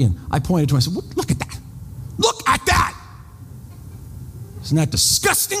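Animated preacher in a reverberant hall. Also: male voice, on the high side, slight background noise. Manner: animated storytelling, rhetorical questions, acts out his own outrage. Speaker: pastor. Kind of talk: sermon.

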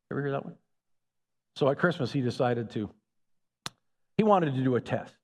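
A man preaching a sermon, calling out to the congregation to ask for their agreement. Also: medium pitch. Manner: animated, calls out to the congregation. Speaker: pastor. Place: church. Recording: echoey hall.

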